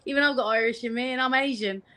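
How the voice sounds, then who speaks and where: High-voiced woman co-host, joking. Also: fast, bright, forceful tone. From United Kingdom. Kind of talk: casual chat on a live show.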